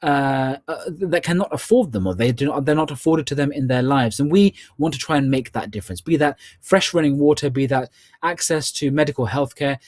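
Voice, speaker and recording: A man's voice: mid-range voice, a little fast, darkish tone, dry recording, studio quality. A man with a British accent hosting a live online charity quiz, upbeat and full of playful ad-libbed asides. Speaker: quiz host.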